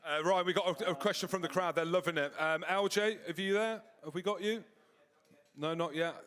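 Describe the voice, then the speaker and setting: A man's voice: sits high, brisk, fairly bright tone, smooth. Scottish guy hosting a live fan night, upbeat and jokey, echoey hall. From Scotland. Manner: joking, upbeat crowd-pleasing. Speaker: host. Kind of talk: live fan show banter. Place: clubhouse before a live audience. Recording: long hall reverb.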